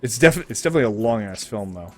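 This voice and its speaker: A man's voice: fairly low pitch, lively intonation, fast talker, a little mellow, no room sound, faint music behind. A man streaming a game, chatting casually in a rambling, joking, profane way.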